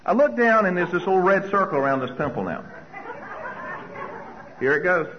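A man's voice: high voice, moderate pace, a little hiss or hum. Guy telling stories to an audience, voice jumping all over, acts out his worried thoughts, muffled lo-fi sound. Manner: animated, acts out his own anxious thoughts. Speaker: speaker. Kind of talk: storytelling talk to an audience.

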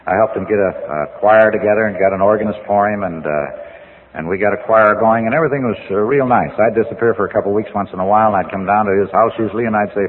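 A man's voice: on the low side, rapid-fire. A man in a rambling, folksy storytelling talk who tells jokes and chuckles at his own punchlines. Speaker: speaker telling his drinking story. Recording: tinny narrow-band old recording in a reverberant hall.

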